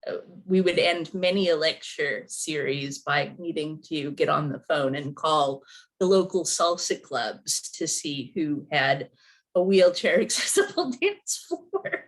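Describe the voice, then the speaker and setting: Low, slow woman sharing fond memories. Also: expressive. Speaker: panel participant. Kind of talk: reminiscing on a video call.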